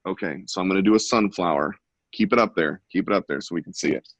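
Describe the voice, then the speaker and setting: A man's voice: sits low, fast talker, no room sound. A man hosting an online art class over a video call, giving playful, joking running commentary. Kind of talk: casual live-stream teaching.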